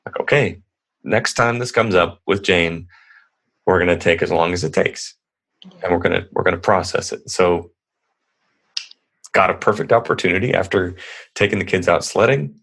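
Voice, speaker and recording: A man's voice: deep voice, moderate pace, vocal fry, long pauses, fairly bright tone. A man in his thirties, a podcast guest, telling stories in a rambling, earnest, casual way. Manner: rambling, earnest, lots of restarts. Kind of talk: casual conversational storytelling.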